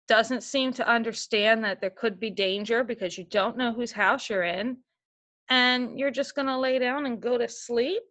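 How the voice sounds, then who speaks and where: A woman's voice: on the high side, a bit bright. A woman teacher giving a reading lesson, reading a story aloud and explaining it patiently with questions to the listener.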